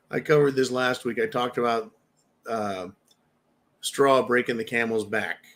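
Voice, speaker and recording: A preparedness channel host in his fifties speaks slowly with long pauses, his mid-range voice steady and a bit bright. Addressing viewers directly, he gives a blunt, fired-up opinion monologue full of swearing.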